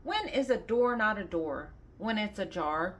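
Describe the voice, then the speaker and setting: There's slight background noise as an older woman, her voice mid-range and animated, reads a little slowly from a children's joke book. She poses riddles, gives the answers, and laughs along at her own jokes.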